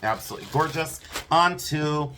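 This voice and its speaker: A man's voice: a little high, animated, pushed and bright, slight background noise. Chatty, enthusiastic male jewelry seller. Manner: chatty, enthusiastic, talks fast and repeats himself. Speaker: host selling vintage jewelry. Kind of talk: casual live-sale chat and storytelling.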